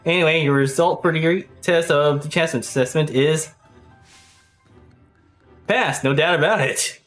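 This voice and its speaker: A man's voice: fairly high pitch, measured pace, pauses often, a bit bright. A male streamer reading in-game dialogue aloud during play, hammy and theatrical, often laughing at the characters. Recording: faint game music behind.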